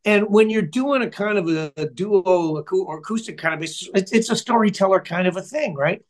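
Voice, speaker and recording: Older high-voiced chatty storyteller man. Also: a little fast. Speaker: guest musician. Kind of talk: casual interview storytelling.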